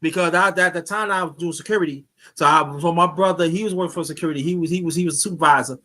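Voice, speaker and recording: Man, casual storytelling host, rambling, repeats words, bright tone. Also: fairly high pitch, fast. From New York. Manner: rambling, repeats himself, restarts often. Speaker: YouTube channel host. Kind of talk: casual storytelling on a live chat.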